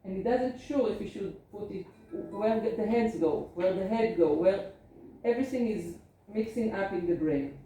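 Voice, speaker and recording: A woman's voice: medium pitch, moderate pace, hardly any pauses, warm tone, recorded from a distance, faint music behind. Woman doctor lecturing from across an echoey room. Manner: earnest, explains with spoken examples, non-native grammar. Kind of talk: seminar lecture. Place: seminar room.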